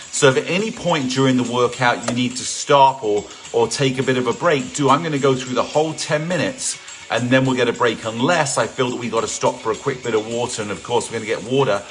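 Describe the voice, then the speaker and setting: A middle-aged Englishman runs a live home workout, chatting easily, greeting viewers by name and cracking jokes. His voice is mid-range and fairly bright, with faint music playing in the background.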